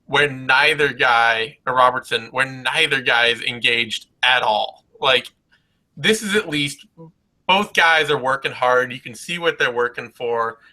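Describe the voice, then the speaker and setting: A man's voice: mid-range voice, a little slow, pushed and bright, poor audio. A man co-hosting a casual post-fight chat, blunt and emphatic, swearing freely as he breaks down the bouts. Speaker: co-host.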